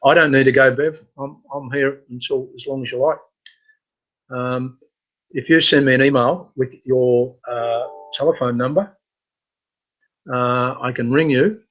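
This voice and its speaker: Man, casual webinar host, halting speech, dull lo-fi sound. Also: medium pitch, steady tone, fairly bright tone. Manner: halting, with frequent fillers and restarts. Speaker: computer training host. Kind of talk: casual live webinar talk.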